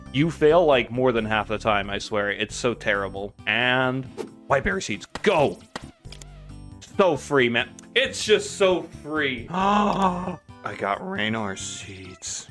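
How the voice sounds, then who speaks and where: Excitable young man commenting on gameplay. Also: lowish voice. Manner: excitable, swears a lot, talks to viewers. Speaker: gaming video host.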